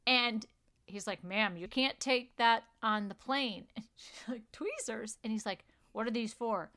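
A woman's voice: fairly high pitch, animated, dry recording, studio quality. A middle-aged woman co-hosting a faith podcast, telling stories and praying aloud in an earnest way. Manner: slow, warm, earnest. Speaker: podcast co-host. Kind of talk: casual chat and spoken prayer.

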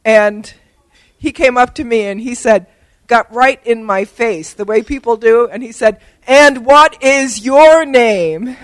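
A woman's voice: a little high, steady tone, a little slow, no room sound, poor audio. Older lady giving an award speech, joking about herself, lots of ums, dry mic. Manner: humorous, self-deprecating storyteller with fillers. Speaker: award recipient and disability advocate. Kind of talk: acceptance speech with anecdotes.

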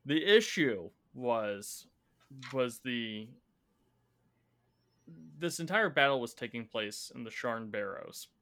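A man recapping a tabletop campaign as its game master, a measured storyteller with a teasing edge. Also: medium pitch, expressive, a bit bright.

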